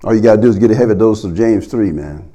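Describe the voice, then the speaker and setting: A man preaching a sermon as pastor, swinging between loud calls and low murmurs. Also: quick pace.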